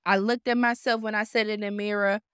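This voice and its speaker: A woman in her twenties hosting a podcast, telling her story in a blunt, profane, animated self-help monologue. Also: medium pitch, quick pace, clear, resonant tone, dry recording, studio quality. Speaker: podcast host.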